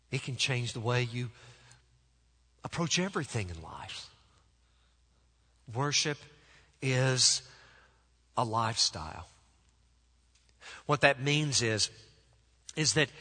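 A long church reverb surrounds this pastor's sermon in the sanctuary. He preaches with emphasis and measured pauses, often letting his voice fall soft and low.

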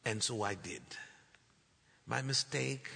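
A man preaching a sermon, telling a story and acting out the dialogue, building to loud declarations. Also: mid-range voice, slow, vocal fry, husky. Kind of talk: sermon testimony. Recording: long hall reverb.

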